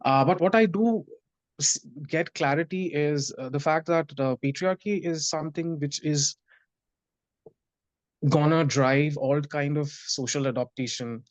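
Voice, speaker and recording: A man, a podcast guest thinking out loud in casual conversation with hesitant restarts. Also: on the high side, a little slow, dry recording. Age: 30s.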